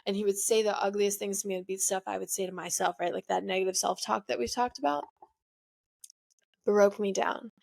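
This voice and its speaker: A woman's voice: medium pitch, steady tone, a little fast, gravelly, a little mellow. Young woman host, candid confessional storytelling, chatty with lots of fillers, mid-range voice. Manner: chatty, filler-heavy, emotional, frequent "like". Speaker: podcast host. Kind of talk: personal storytelling monologue. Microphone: studio microphone.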